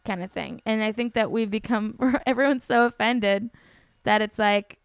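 Woman, young, chatty, giggly, lots of likes and ums, smooth clear voice, dry sound. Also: on the high side, steady tone, normal speed, no echo. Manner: rambling, giggly, lots of fillers. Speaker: comedian guest. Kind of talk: casual podcast chat.

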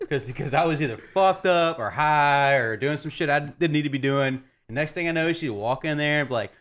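A man's voice: a little high, brisk, fairly bright tone. A man on a podcast, telling stories from his youth in a profane, self-mocking way. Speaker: podcast co-host. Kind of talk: casual chat.

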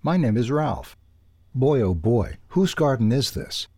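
A man's voice: medium pitch, big pitch swings, a little slow, warm tone, dry recording, pitched above the performer's own voice. A man reading a storybook, voicing a brash male ground squirrel who chatters in a slangy, breezy way. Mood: cheeky.

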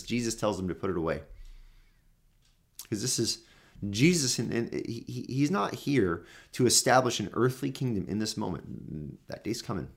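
A man's voice: lively intonation, normal speed, vocal fry. Emphatic male preacher. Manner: emphatic, repetitive, builds to rises then drops low. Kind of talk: sermon.

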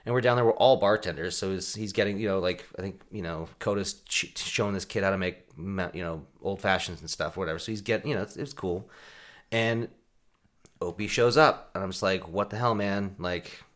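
Low-voiced man telling a story. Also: a little fast. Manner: laughing, animated storyteller. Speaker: podcast co-host. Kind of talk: casual storytelling chat.

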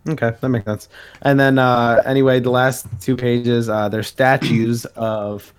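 A man's voice: mid-range voice, little pitch movement, measured pace, clear, resonant tone. A man co-hosting a podcast, recapping a comic issue in casual chat with many filler words. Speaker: podcast co-host.

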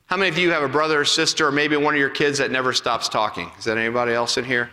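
Bright-voiced pastor preaching in a hall. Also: male voice, mid-range voice, racing, few pauses. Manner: animated storytelling, acting out voices, then hushed and intimate. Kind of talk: sermon. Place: church sanctuary. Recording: long reverb of a hall.

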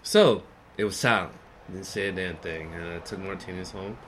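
A man co-hosting a podcast, telling a work story in a casual, animated way and acting out the dialogue. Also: low-pitched, moderate pace, slight background noise. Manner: animated, acts out dialogue, swears freely. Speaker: podcast co-host.

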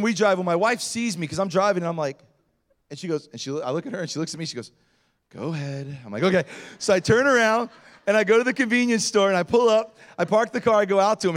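A man preaching a sermon as pastor, telling personal stories in an animated way with self-deprecating humor. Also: high voice, fast talker.

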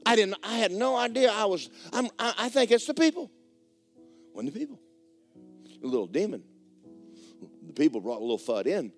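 A man preaching a sermon as the pastor of a church, telling a story in a lively way that swings between hushed and loud. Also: high voice, normal speed, long pauses. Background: faint guitar music.

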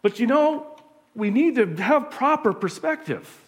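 A pastor, preaching a conversational sermon full of rhetorical questions. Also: male voice, extremely high pitch, lively intonation, unhurried.

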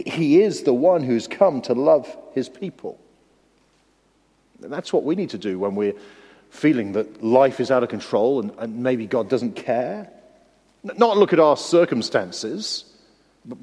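A man preaching a sermon, animated, often repeating his words at the start of a phrase. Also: a little high. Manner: animated, repeats words, acts out the disciples' cries. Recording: long hall reverb.

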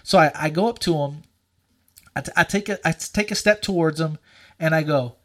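A man telling a story in casual chat, animated and profane, full of likes and dudes. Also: a little high, brisk.

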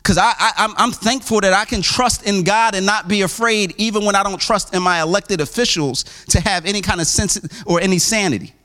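A man preaching a conversational sermon as pastor, with frequent restarts and asides, now and then acting out quoted voices in a much higher pitch. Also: brisk, few pauses, pushed and bright. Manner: acts out quoted voices with big pitch jumps.

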